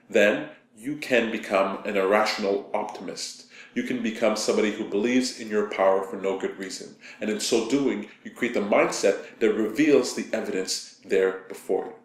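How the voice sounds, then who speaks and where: A man from Canada giving a calm, conversational motivational talk, telling stories to make his point. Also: lowish voice. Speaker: motivational speaker. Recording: echoey room.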